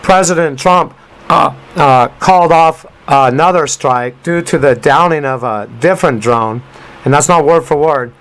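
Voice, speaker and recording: Emphatic talk-radio man, higher voice. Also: unhurried, a bit bright, low-quality recording. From United States. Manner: rambling, emphatic, rhyming asides. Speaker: radio show host. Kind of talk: talk radio commentary on a news clip.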